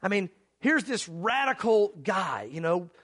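A man with a very high voice preaches in an earnest, dramatic style. He acts out scenes as he speaks and makes an urgent, pleading appeal to his listeners. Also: sing-song, a little slow. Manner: dramatic, acts out mocking crowds and shouts; earnest, pleading altar call. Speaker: pastor. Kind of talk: sermon.

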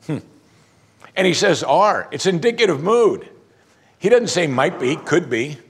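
Middle-aged guy preaching, husky voice, leans hard on his points, lots of hmms and rhetorical questions. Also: on the high side, very animated, unhurried. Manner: emphatic, with rhetorical questions and musing hums. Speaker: pastor. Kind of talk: sermon.

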